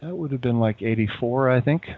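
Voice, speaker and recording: A man's voice: mid-range voice, a little fast. Man in his fifties on a tinny phone line. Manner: relaxed, reads passages aloud. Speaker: guest, former Navy sailor. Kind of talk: casual chat.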